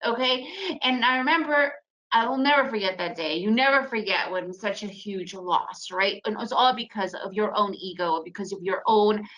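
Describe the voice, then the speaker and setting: A woman speaking at a trading webinar, telling a personal story in a lively way with rhetorical questions to the audience. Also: medium pitch, low-quality recording.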